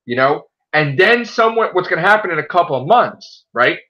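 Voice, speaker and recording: A man hosting his online show, talking in a loud, profane, animated rant in casual chat. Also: a little high, brisk. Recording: dull lo-fi sound.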